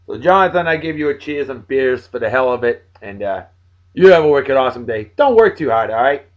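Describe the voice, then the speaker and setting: A man's voice: mid-range voice, expressive, fairly quick, lo-fi sound. Tired, joking man in his forties. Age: 40s. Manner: joking, friendly, swinging between loud bursts and mumbles. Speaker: video blog host. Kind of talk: casual shout-outs to friends.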